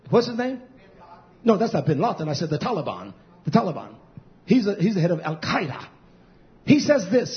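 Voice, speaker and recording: High-voiced fiery preacher man, lo-fi. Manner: rambling, combative, swings between low muttering and shouting. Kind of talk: fiery sermon. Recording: dull lo-fi recording.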